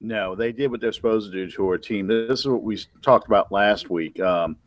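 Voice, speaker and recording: A man co-hosting a sports podcast, talking casually in a relaxed radio DJ manner. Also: fairly low pitch, fairly quick, no room sound. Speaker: podcast co-host.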